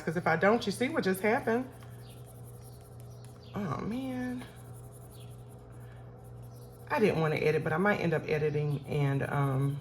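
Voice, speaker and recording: A fairly low-voiced woman chats away to her viewers and counts bills out loud. Her talk is loose and friendly, full of asides to the audience, with a faint hum of room noise behind her. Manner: chatty, talks to viewers as y'all, counts aloud. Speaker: budgeting vlogger. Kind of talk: casual chat while counting cash.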